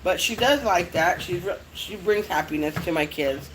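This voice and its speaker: A woman's voice: lowish voice, expressive, normal speed, a little hiss or hum, rough recording. A middle-aged mother chatting casually to her viewers, rambling and swearing often. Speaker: vlogger. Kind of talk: casual chat.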